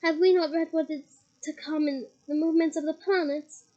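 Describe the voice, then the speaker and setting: Woman doing a proud male centaur from a storybook, bellowing and scolding, high-pitched and mellow. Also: steady tone, normal speed, highs cut off, close to an everyday voice. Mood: angry. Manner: loud, thundering and scolding.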